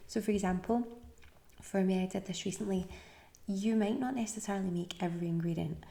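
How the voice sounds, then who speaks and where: A tired woman from the UK hosting a podcast, giving casual, encouraging advice and often dropping into a soft, breathy near-whisper. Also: medium pitch, fairly quick. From United Kingdom. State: tired, yawning. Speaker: podcast host.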